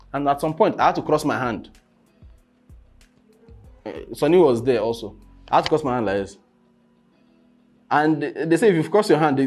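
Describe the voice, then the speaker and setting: A young man, coaching on presentations in a casual teaching talk. He keeps asking "you understand?" and breaks into sudden loud bursts. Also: medium pitch.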